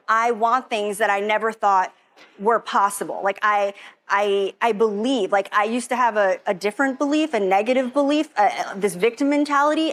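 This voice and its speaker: Young woman, higher pitch, emotional rambling testimonial delivery. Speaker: event attendee giving a testimonial. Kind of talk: personal testimony.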